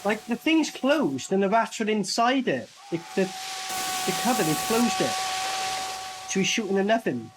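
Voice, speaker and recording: A man's voice: sits high, a little slow, background noise. Sweary man reacting to a movie. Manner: sweary, animated, laughing asides. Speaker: movie reviewer. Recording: film soundtrack playing behind.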